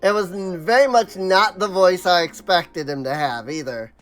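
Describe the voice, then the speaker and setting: Casting: a high-voiced male let's play host, chatty and rambling over the game. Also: moderate pace, a bit bright, faint music behind. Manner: chatty, rambling, dismissive asides. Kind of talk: casual gameplay commentary.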